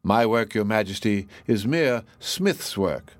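A man's voice: on the low side, expressive, takes it slowly, no room sound. A man voicing a plain-spoken young smith in a storybook reading, speaking modestly.

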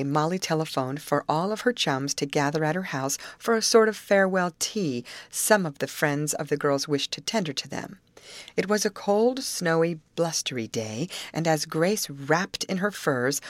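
A woman with a low voice reads an old novel aloud in a steady, measured way. The recording is close and dry, with no room sound. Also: no room sound. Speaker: audiobook reader. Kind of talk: audiobook narration.

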